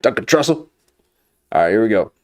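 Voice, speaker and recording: A man's voice: lowish voice, very animated, a little fast. A man streaming, chatting casually in a rambling, jokey way. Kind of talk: casual chat.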